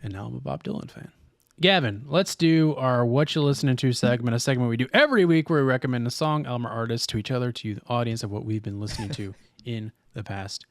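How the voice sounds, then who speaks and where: A man's voice: mid-range voice, fast talker, dry recording, studio quality. A young man co-hosting a comedy podcast in a casual chat, joking crudely and ranting playfully. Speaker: podcast co-host.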